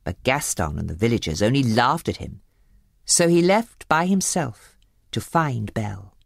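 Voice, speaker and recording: Animated low-voiced woman reading a storybook. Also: unhurried, gravelly, no echo. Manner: expressive, animated. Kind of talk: storybook read-aloud. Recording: faint background music.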